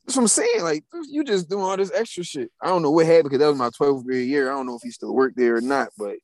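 A young man chats casually, voice sitting high for a man. He tells stories full of slang and throws in the voices of the people in them. The sound is close and dry. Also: animated, fast talker, dry recording. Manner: slangy storytelling with acted quotes. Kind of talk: casual chat.

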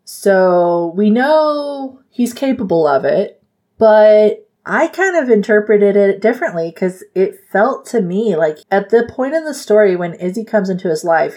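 Casual woman retelling a book. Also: fairly low pitch. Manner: animated retelling with acted-out quotes and frequent laughs. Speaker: book podcast host.

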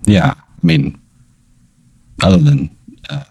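Male player, very deep gravelly voice, halting deadpan improv, dry sound. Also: no echo. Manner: hesitant, deadpan, many ums and uhs. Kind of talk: improvised comedic role-play.

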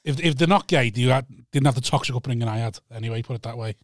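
A man hosting a podcast, chatting casually in a blunt, sweary, deadpan way. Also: mid-range voice, very fast, no echo, clean studio sound. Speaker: podcast host. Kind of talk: casual chat.

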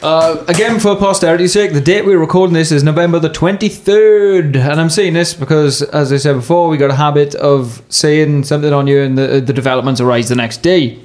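A man's voice: a little high, fairly even intonation, brisk, few pauses, a little mellow. A man co-hosting a podcast in casual chat, telling a story in a crude, jokey way with lots of fillers. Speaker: podcast co-host.

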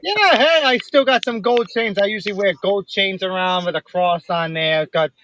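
Brash high Rhode Island-accented man. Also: moderate pace, fairly bright tone, lo-fi sound, slight background noise. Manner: brash, boastful and talkative. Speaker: caller. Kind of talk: casual chat.

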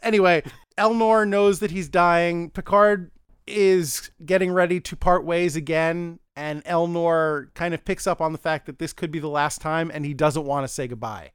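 A man's voice: a little high, steady tone, normal speed, clear, resonant tone, no echo, clean studio sound. A man hosting a podcast, casually reviewing a TV episode, rambling, chuckling and acting out the characters' lines. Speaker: podcast host.

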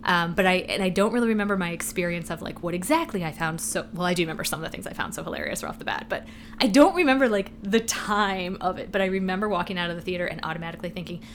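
A woman's voice: on the low side, rapid-fire, slight background noise. A woman co-hosting a podcast in casual chat, rambling and swearing freely, laughing as she goes. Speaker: podcast co-host.

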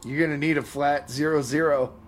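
A man's voice: on the high side, fairly even intonation, fairly quick. A man narrating a tabletop game as dungeon master, casual and profane.

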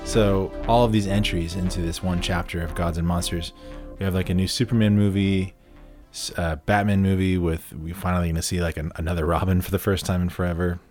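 Very deep-voiced man in rambling podcast chat. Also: steady tone, a little fast, darkish tone, soft background music. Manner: eager, rambling fan talk with fillers and restarts. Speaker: podcast co-host.

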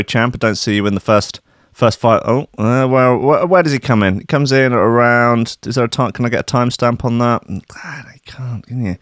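A man's voice: mid-range voice, no echo, studio quality. Sweary, rambling male show host. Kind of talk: casual comedic chat.

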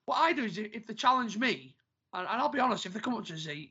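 A man co-hosting a casual football podcast, excitable and quick to react, swearing casually as he talks about refereeing kids' games. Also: high voice, slightly rough, muffled recording.

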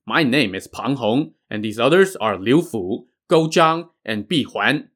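A man's voice: mid-range voice, expressive, unhurried, fairly bright tone. A man voicing a mountain outlaw chief introducing his band respectfully.

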